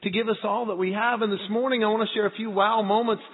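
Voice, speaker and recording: A middle-aged man, a pastor, preaching a sermon and telling personal stories in a lively, earnest way. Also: high-pitched, quick pace. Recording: tinny phone-like sound with long hall reverb.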